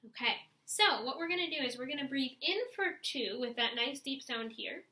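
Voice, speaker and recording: High-pitched, bright and forceful, this woman's voice is expressive at a moderate pace, though the audio is poor and reverberant. She teaches a clarinet lesson in an instructional video, encouraging students through stretches and breathing step by step, with audible breaths and sighs while demonstrating.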